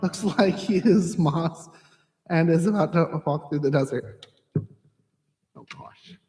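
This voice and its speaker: A man's voice: on the high side, takes it slowly, echoey room, in a large hall, loud music behind the voice. A man hosting a casual livestream, rambling, interrupting himself and laughing at his own mishaps. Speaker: host. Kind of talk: casual livestream chat between song attempts.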